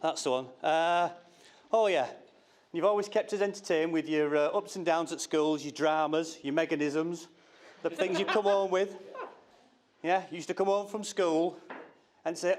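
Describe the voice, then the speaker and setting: A man's voice: fairly high pitch, steady tone, moderate pace. A middle-aged man giving a father-of-the-bride speech from notes, teasing and breaking off with asides. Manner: jokey, teasing, self-interrupting. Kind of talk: wedding speech read from notes.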